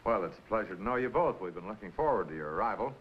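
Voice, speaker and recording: An actor playing a hospitable rancher uncle who speaks in a welcoming way in 1950s TV western style. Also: male voice, fairly low pitch, animated, rapid-fire, close to an everyday voice. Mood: friendly. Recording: dull hissy old TV soundtrack.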